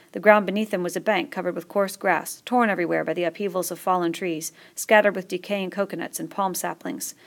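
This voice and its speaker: A woman with a low voice and a gravelly creak narrates a novel aloud. Her storytelling is steady and measured, paced for listening. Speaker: audiobook reader. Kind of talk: scripted narration.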